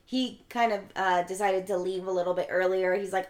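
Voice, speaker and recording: A woman's voice: medium pitch, normal speed, hardly any pauses. Woman narrating a plot, acting out lines. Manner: acts out the characters' lines while narrating. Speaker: podcast co-host. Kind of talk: casual chat retelling a film plot.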